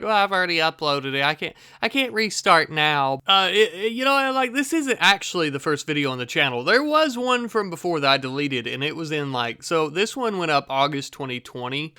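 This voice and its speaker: A man with a bright, crisp voice talks through a casual reaction to his own old gameplay video. He rambles, laughs at himself and teases his past self. The sound is dry and close, with no room around it. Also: on the high side, dry recording.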